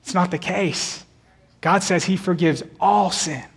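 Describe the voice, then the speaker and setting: A man's voice: high-pitched, unhurried, gravelly, husky, big-room sound. A man in his thirties preaching a sermon in a conversational way, often repeating words and phrases.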